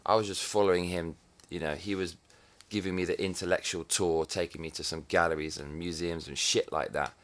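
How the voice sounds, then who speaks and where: A man's voice: low-pitched, steady tone, a little fast, few pauses. A man from England in his thirties, talking to camera in a profane, sardonic comic monologue. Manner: profane and sardonic, with swings in loudness. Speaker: vlogger.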